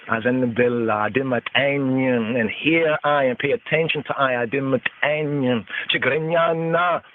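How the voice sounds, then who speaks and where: A man slowly teaching a psalm on a call-in podcast, reading each verse aloud and then repeating and explaining it word by word. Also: mid-range voice, a little hiss or hum. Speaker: podcast host teaching scripture. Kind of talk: slow devotional scripture teaching. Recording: tinny phone-line call-in audio.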